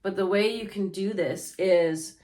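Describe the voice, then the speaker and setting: A woman's voice: mid-range voice, unhurried, mellow. A woman, chatting casually to viewers about her crafting plans, rambling with lots of fillers and restarts. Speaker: yarn shop owner and crafting vlogger. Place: indoors at home.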